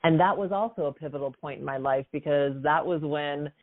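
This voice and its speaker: A woman in her fifties, a guest coach and author, telling a personal story in a lively way with many "you know" fillers. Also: sits low, a little fast. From United States. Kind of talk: storytelling in a conversation. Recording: phone-like narrow sound.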